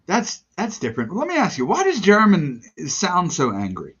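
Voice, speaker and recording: A man's voice: high-pitched, wildly swooping pitch, normal speed, fairly bright tone, a little hiss or hum. A male podcast host asking curious, laid-back questions in casual chat. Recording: dull lo-fi sound.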